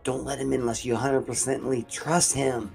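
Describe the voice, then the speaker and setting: A man's voice: medium pitch, level tone, brisk, gravelly, darkish tone, soft background music, close to an everyday voice. A man voicing a brave, commanding young woman in a retold horror story. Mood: urgent. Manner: urgent, bossy.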